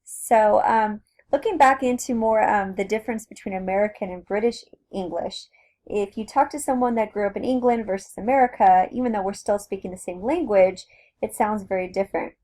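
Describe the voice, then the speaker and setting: A woman teacher with a Southern Californian accent talks through a recorded lecture. She speaks at an ordinary pitch and keeps it casual and conversational, explaining step by step with plenty of fillers and restarts. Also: a little fast, mellow. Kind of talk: recorded flipped-classroom lecture.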